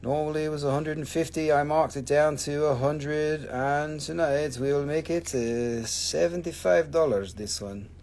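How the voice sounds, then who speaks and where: Middle-aged dude selling rocks on a livestream, swears a lot, rambles, bit of room noise. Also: male voice, on the high side, a little slow, vocal fry, hardly any pauses. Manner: profane, rambling, excitable. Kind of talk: casual live sales chat. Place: family-owned rock and mineral shop.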